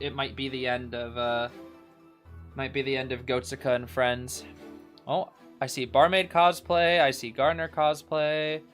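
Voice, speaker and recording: A man casually co-watching an esports final, reacting excitedly and often saying "bro". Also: mid-range voice. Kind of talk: casual live watch-along commentary.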